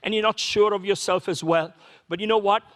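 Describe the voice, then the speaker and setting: A man preaches a sermon as a pastor, his voice pitched notably high for a man. He talks to the congregation conversationally and keeps asking them rhetorical questions. His words ring out with a long reverb in a church hall. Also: fairly even intonation, fairly quick, fairly bright tone. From Sri Lanka.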